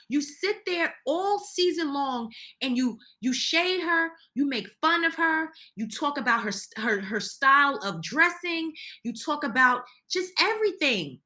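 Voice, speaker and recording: A woman's voice: sits high, lively intonation, a little slow, hardly any pauses, bright, forceful tone. A woman giving an opinionated recap of a reality show, ranting heatedly and indignantly, often restarting her sentences. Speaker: reality TV commentator.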